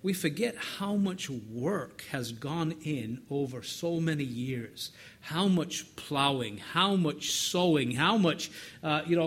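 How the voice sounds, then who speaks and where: A man's voice: fairly high pitch, animated, a little slow, husky. A middle-aged man preaching a sermon in an earnest, conversational way, often repeating words as he builds up.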